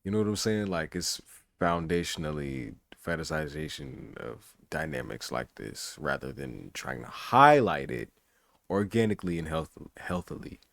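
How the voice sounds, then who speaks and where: A man's voice: sits low, big pitch swings, moderate pace, creaky, fairly bright tone, no echo. A man reacting to a video with blunt, exclamatory asides in casual commentary. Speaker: reaction streamer.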